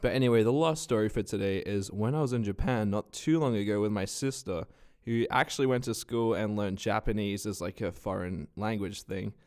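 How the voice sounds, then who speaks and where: Young aussie dude vlogging with a blocked nose, lowish voice, swearing and rambling. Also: male voice, brisk, clear, resonant tone. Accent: Australian. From Australia. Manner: swears a lot, rambling and animated. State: stuffed nose from a cold. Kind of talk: casual storytelling vlog.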